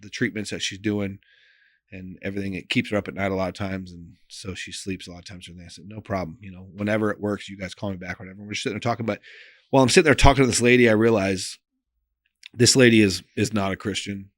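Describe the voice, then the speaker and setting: Man, pastor, earnest storytelling, lowish voice, dry close sound, trails off quietly, casual fillers. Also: fairly even intonation, quick pace, no echo. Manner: earnest and emotional, voice often drops soft and quiet; loose conversational phrasing with many "like" and "you know" fillers. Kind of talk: personal storytelling in a podcast interview.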